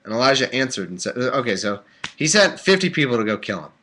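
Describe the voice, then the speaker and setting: A man's voice: medium pitch, very animated, fast, sharp tone. A man casually reading aloud on a live stream, breaking off for sleepy, joking asides. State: drowsy. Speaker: host reading and commenting. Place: warm room at home.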